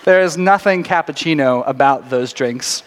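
A man preaching a sermon to a congregation in a church sanctuary, talking fast and chatty, cutting himself off and restarting. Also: mid-range voice. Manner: fast, chatty and self-interrupting, often laughing. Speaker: pastor. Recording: long reverb of a large sanctuary.

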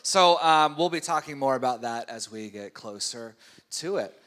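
A man's voice: medium pitch, animated, normal speed, fairly bright tone. A man hosting a church service, interviewing leaders in a friendly, playful way. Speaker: host.

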